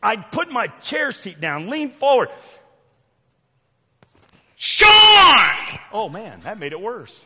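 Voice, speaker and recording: An older man with a Southern US accent preaching a fiery sermon, loud and preachy with sudden shouts and quiet asides. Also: sits high, sing-song, moderate pace, hardly any pauses, very noisy. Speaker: pastor. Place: church sanctuary. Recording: long church hall reverb.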